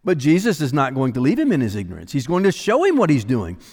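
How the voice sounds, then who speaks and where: Lively-voiced man preaching in a reverberant hall. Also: mid-range voice, fast talker, breathy edge. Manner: dramatic preaching, dropping to near-whispers for emphasis. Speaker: pastor. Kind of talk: expository sermon.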